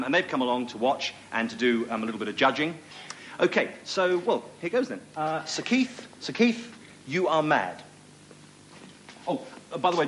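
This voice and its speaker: A man's voice: mid-range voice, fairly bright tone, slight background noise, close to an everyday voice. A man playing a flustered TV presenter, apologising and rambling to a studio audience with many ums and restarts. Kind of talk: mock-apologetic comedy monologue.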